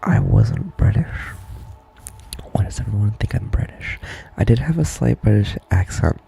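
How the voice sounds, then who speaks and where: A young man talking in soft, halting whispers in a whispered role-play stream, from his barracks room. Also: fairly low pitch, expressive, gravelly, slightly rough, soft background music.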